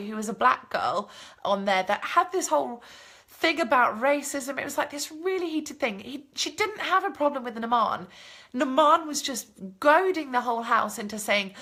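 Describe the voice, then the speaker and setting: A woman vlogger chatting casually and telling an animated story, swearing freely as she answers viewer comments. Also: on the high side, normal speed. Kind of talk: casual chat, live stream.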